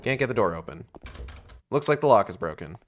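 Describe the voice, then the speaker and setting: A man's voice: lowish voice, very animated, a little fast, a little hiss or hum. Casual, cursing male game streamer. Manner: casual, profane, thinks aloud with fillers. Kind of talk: live gameplay commentary.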